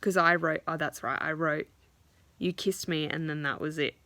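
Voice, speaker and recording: A woman's voice: low-pitched, steady tone, normal speed, sharp tone, no echo. A young woman venting about dating in a casual vlog, swearing freely and quoting others. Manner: frustrated, swears often, quotes others in voices. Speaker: vlogger.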